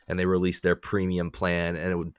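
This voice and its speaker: A man with a low voice rants and swears through a casual podcast chat, his complaints running on and on. The recording is close and dry, with no room sound. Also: brisk, smooth, no echo. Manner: profane, ranting, animated complaints. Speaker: podcast co-host.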